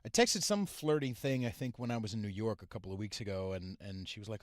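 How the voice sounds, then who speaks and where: A man hosting a podcast, delivering a crude, profane rant that swings between mumbling and shouting. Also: lowish voice, fast talker, no room sound, clean studio sound. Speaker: podcast host. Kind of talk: profane ranting monologue.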